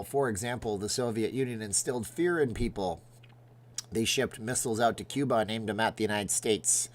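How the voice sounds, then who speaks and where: A man hosting a casual livestream. He rambles between topics and reads viewers' names and comments aloud. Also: on the low side. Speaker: host.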